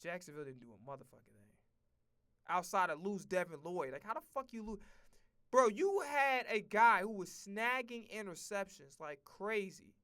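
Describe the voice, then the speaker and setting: A man's voice: sits high, animated, moderate pace, fairly bright tone. Heated, profane man ranting football. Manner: slangy, repeats himself. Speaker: streamer. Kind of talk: livestream football rant.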